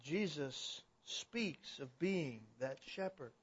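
A man preaching a sermon, building from steady explanation to loud, emphatic declarations. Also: a little high, takes it slowly, breathy edge. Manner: swells to emphatic, raised declarations. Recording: dull, lo-fi recording.

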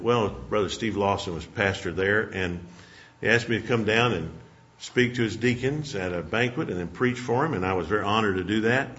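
A man's voice: sits low, fairly bright tone. A man preaching a sermon, telling a folksy personal story and closing in prayer. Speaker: pastor. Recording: dull lo-fi sermon recording.

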